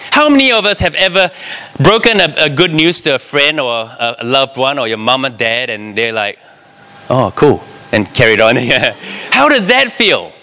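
Man, preacher, sermon, bright clear voice, animated, asks the audience questions. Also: mid-range voice, normal speed. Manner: animated, talks to the congregation with frequent "right?".

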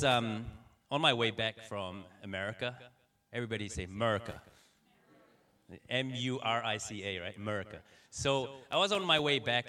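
A man preaching a sermon, telling personal stories in an animated way and acting out the dialogue. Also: fairly low pitch. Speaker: pastor. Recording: voice somewhat distant from the mic.

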